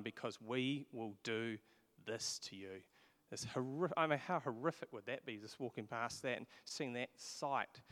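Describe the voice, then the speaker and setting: Smooth-voiced man preaching in a reverberant hall. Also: medium pitch, a bit bright. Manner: earnest preaching, builds to emphatic peaks, some "um" pauses. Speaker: pastor. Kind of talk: sermon.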